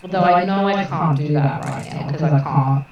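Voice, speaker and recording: A woman's voice: low-pitched, moderate pace, a little mellow, a little hiss or hum. A woman from the UK playing a tabletop game, hesitant and thinking aloud as she asks about her character. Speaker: player. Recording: distant dull mic in a very echoey room.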